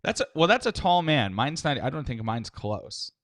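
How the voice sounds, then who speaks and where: Young male co-host, relaxed rambler, dry close sound. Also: medium pitch, normal speed, dry recording. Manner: easygoing, rambling, lots of fillers. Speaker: podcast co-host. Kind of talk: crude comedic banter.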